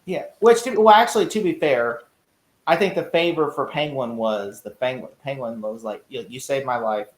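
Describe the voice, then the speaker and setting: A man chatting casually on a podcast about a TV show, acting out lines from the scenes in animated bursts. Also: medium pitch, normal speed, echoey room. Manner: animated, acts out quotes from scenes. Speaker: podcast co-host. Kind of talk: casual chat.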